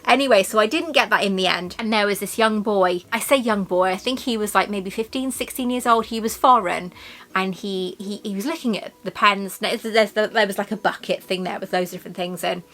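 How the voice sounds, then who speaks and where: A woman's voice: medium pitch, fairly quick. A woman vlogging in a chatty, storytelling way, full of asides about her shopping haul. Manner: chatty and warm-hearted, storytelling with many asides. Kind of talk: casual shopping haul chat.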